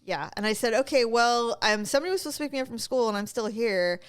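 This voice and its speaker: A woman's voice: fairly high pitch, fast, smooth. A woman in her fifties co-hosting a podcast, telling stories in casual chat and acting out the quotes. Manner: animated storytelling, acts out quotes. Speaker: podcast co-host.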